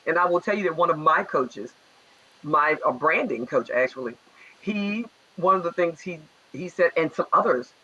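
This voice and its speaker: A man's voice: fairly high pitch, moderate pace, husky. A man with a Baltimore accent, chatting animatedly as a talk show guest. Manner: animated storyteller. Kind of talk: casual talk show chat. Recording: dull, lo-fi sound.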